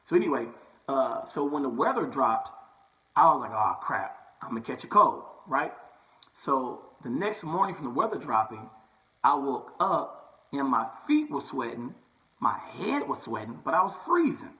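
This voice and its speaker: A man's voice: mid-range voice, sing-song, measured pace, a bit bright, rough recording. A young barber talking casually to his viewers, telling a personal story and checking in with "right?" and "okay?" as he goes. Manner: chatty, repeats "right?" and "okay?" often. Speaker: barber and vlogger.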